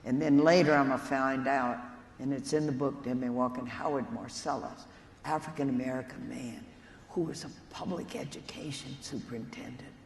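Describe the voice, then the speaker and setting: A woman's voice: very deep voice, fairly even intonation, moderate pace. Woman, nun, conference keynote, earnest storyteller, long hall reverb, faint background hum. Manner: earnest storytelling, addresses lawyers directly. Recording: echoey hall, faint room noise.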